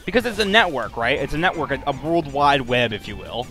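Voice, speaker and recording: A young man in casual gaming banter, joking and rambling with loud laughs. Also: mid-range voice, sing-song, brisk, faint music behind. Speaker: gaming commentator.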